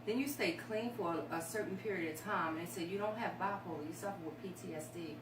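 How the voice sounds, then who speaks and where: A woman guest on a talk show shares her story, speaking fast in a fairly low voice, candidly and emotionally, and rambling a bit. The recording is noisy, with an echoey room and a distant mic.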